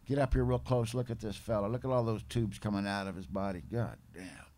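A man puts on a gruff old-timer in a suit, with a deep, gravelly voice pitched well below his own. He talks bluntly and taunts or preaches at whoever is listening. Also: fairly quick, darkish tone, close to an everyday voice. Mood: lecturing.

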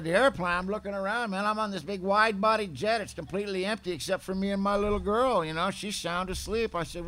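A man's voice: fairly high pitch, bright, forceful tone, slight background noise. A man telling his own story as a speaker at a recovery meeting, candid and plain-spoken. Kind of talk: personal testimony storytelling.

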